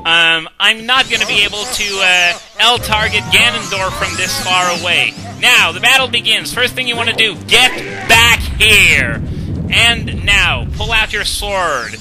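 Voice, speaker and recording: A young let's-play commentator with a high voice talks casually over video game music, chatty and self-mocking, with lots of "uh"s and "um"s. The recording is rough.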